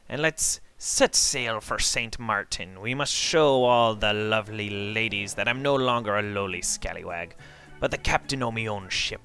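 A man's voice: lowish voice, bright, forceful tone, clean tone. A man voicing a boastful, crude male pirate captain with brash, bawdy pirate talk. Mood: swaggering.

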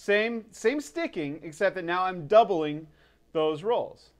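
A man teaching drums in a casual video lesson, relaxed and upbeat, counting in before he plays. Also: high voice, takes it slowly. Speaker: drum teacher.

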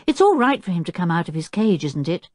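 A woman's voice: fairly low pitch, very animated, fast, a little mellow, dry recording, studio quality. A woman voicing a sensible older schoolboy who leads the group, speaking politely and steadily.

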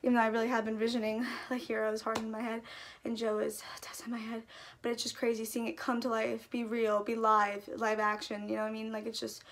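A young woman with a high voice gushes to her viewers in a casual vlog, tumbling through fillers like a thrilled fan. Her voice catches with a gravelly fry as her words trail off. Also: monotone, fast, a little hiss or hum. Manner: gushing, breathless fangirl talk packed with "like". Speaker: YouTuber. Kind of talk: excited casual vlog chat.

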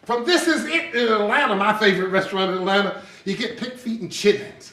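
Pastor, high lively voice, animated sermon, echoey sanctuary from a distant mic. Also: male voice, unhurried, pauses often. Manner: animated storytelling with laughter. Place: church sanctuary.

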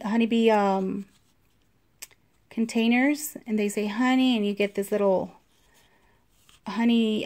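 A woman vlogger casually showing her handmade craft pieces, talking unhurriedly with frequent ums and pauses and gushing over the small details. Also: mid-range voice, darkish tone. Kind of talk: casual show-and-tell.

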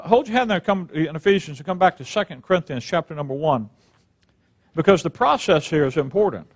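An older man delivers a sermon in a high-pitched voice. He reads scripture slowly, stressing each word. Between verses he wanders into relaxed, folksy stories. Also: breathy edge. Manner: slow emphatic scripture reading, folksy asides. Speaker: Bible teacher.

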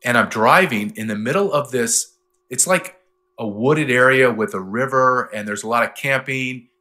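A man being interviewed who tells his stories in an animated, emphatic way. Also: medium pitch, moderate pace. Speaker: interview guest. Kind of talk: interview talk.

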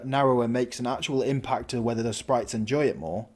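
A man's voice: medium pitch, steady tone, fairly quick, few pauses. Rambling man, gameplay commentary. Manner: rambling, thinking aloud with many restarts. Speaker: gaming channel host. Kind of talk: casual let's-play commentary.

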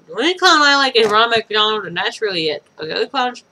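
A woman's voice: medium pitch, animated, fast talker, hardly any pauses, bright, forceful tone, poor audio. A woman reading a children's story aloud with chatty asides.

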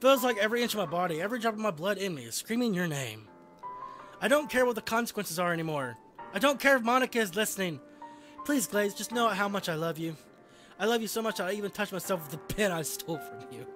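A man reading a video game's lines as an obsessive, lovestruck teenage girl, in a soft, intense voice. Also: high-pitched, animated, fast talker, faint music behind. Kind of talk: voicing game dialogue.

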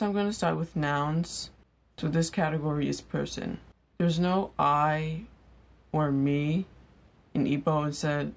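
Young female host, casual vlog lesson; low gravelly voice, unhurried, repeats every word. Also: a little mellow. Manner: chatty, self-deprecating, repeats each word slowly. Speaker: language teacher, channel host.

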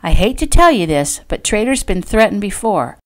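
A woman's voice: mid-range voice, very animated, normal speed, voice pushed up, close to an everyday voice. A woman voicing a kindly ranch woman in an audiobook, speaking in a soothing, matter-of-fact manner. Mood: reassuring.

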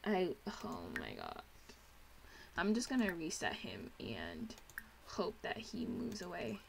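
A woman's voice: fairly low pitch, huge pitch swings, slow, creaky. A young woman hosting a casual let's play, gushing and chatty as she comments on her game.

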